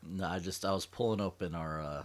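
A man's voice: low voice, fairly quick. A man co-hosting a podcast, joking and playfully cutting in. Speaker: podcast co-host. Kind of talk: casual chat.

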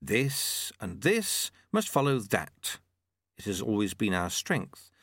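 A man doing a cold, slow-spoken female auditor. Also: lowish voice, sing-song, gravelly, a bit bright, no room sound, clean studio sound, heavily acted. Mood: cool pondering. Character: cold, calculating female auditor in human form.

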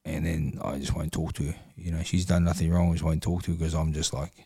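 A middle-aged man with a New Zealand accent, talking candidly as a podcast guest, reflective and halting, with many fillers and trailing-off phrases. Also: extremely low pitch, little pitch movement, warm tone, breathy edge, no room sound, studio quality. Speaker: guest, former boxer. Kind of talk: casual podcast conversation.

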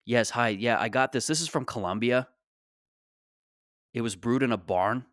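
A man's voice: medium pitch, moderate pace, fairly bright tone, no echo, clean studio sound. A man in his late twenties hosting a solo podcast, talking casually in a rambling, joking, self-deprecating way. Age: 20s. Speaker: podcast host.

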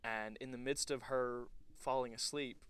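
A man's voice: mid-range voice, fairly even intonation, moderate pace, fairly bright tone, clear, resonant tone. A young man co-hosting a casual podcast, telling a story in an easygoing, rambling way. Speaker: podcast co-host. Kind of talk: casual chat.

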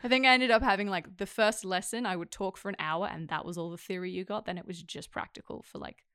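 A woman who teaches acting, chatting casually and telling animated stories with frequent laughs. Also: mid-range voice, fast talker, clean tone, dry recording, studio quality. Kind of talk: casual chat.

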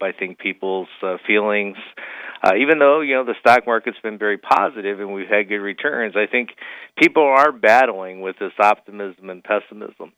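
A man's voice: lowish voice, smooth, dry recording. A man speaking as a financial advisor on a radio call-in, folksy and full of fillers as he tells a story. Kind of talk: phone-in radio guest, storytelling. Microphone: phone. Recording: tinny phone line.

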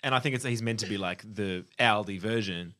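Quick, teasing man in banter. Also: on the low side, sharp tone. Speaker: podcast co-host. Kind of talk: casual film chat.

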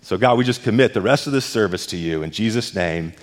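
A man's voice: on the low side, expressive, fast. A male pastor preaching a sermon, emphatic and repeating words as he presses a point. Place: church sanctuary. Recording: long church hall reverb.

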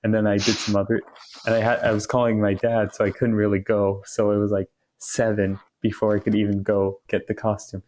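A young man co-hosting a casual podcast, rambling through a long story with frequent restarts. His voice sits a little low. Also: flat delivery, fairly quick, a little mellow, slight background noise. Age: young adult. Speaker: podcast co-host. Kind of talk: casual chat.

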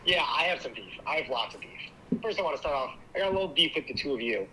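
A man calls into a casual podcast to air his complaints, stumbling over repeated words. His voice comes through sharp and bright on a weak microphone, with faint hiss in the background. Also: on the high side, lively intonation, rough recording. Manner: halting, with many repeated words. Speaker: caller. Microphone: weak, quiet phone mic. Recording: quiet call line with faint noise.

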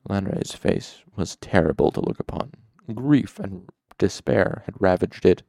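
A man reading a fantasy novel aloud as an audiobook narrator, measured and steady. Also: low voice, creaky, no room sound.

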